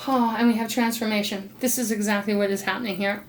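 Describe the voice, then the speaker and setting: A bubbly woman reads tarot in a casual, effusive monologue, gushing with excitement and dropping to soft murmurs. Her voice sits at an ordinary middle pitch. A faint hiss runs under the recording. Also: fast talker. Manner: talks to spirit, murmurs softly while drawing cards. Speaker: intuitive tarot reader.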